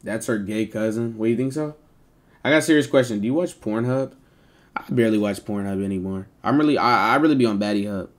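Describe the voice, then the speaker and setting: A man streaming live and chatting with his viewers in animated, joking banter full of slang and swearing. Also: lowish voice, fast talker.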